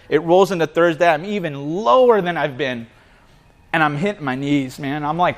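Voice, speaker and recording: A man's voice: fairly high pitch, moderate pace. A man giving a casual sermon at a men's breakfast in a coffee shop, telling a story with lots of animation and often calling his listeners "man.". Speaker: guest speaker at a men's breakfast.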